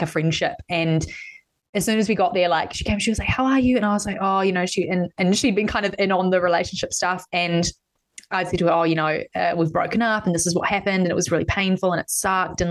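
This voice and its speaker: A woman hosting a podcast, chatting candidly and swearing freely as she tells personal stories. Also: lowish voice. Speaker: podcast host. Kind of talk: casual podcast chat.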